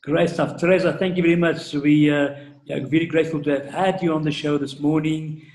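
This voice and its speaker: A man's voice: a little high, flat delivery, brisk, darkish tone. Hesitant male host, roomy sound. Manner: hesitant, many uh fillers, upbeat. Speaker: show host, business coach. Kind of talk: interview hosting. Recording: roomy echo.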